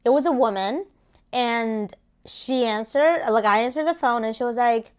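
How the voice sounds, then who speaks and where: A woman's voice: on the high side, normal speed, clear, resonant tone. A young woman chatting casually to her viewers, telling a story between bites of food and acting out both sides of a phone call. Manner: chatty, animated retelling with quoted voices. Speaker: food vlogger. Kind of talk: casual storytelling while eating.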